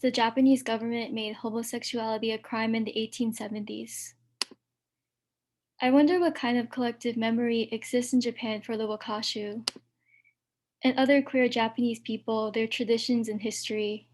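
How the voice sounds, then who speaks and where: A woman calmly reading a reflective excerpt from her comic at a workshop. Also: a little high, slight background noise. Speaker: workshop reader.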